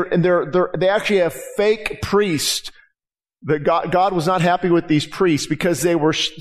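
A man preaching a sermon as pastor, impassioned, with frequent restarts and rising emphasis. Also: sits high. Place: church sanctuary.

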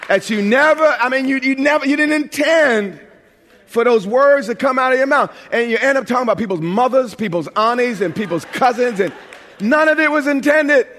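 A man's voice: extremely high pitch, a bit bright, slight background noise. A pastor from New York preaching a sermon in a conversational, joking way, often restarting his phrases. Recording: long hall reverb.

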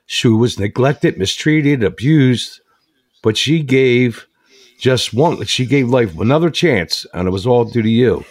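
A man voicing a kindly grown-up doctor in a spoken story, warm and earnest. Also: medium pitch, expressive, measured pace, dry recording. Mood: heartfelt.

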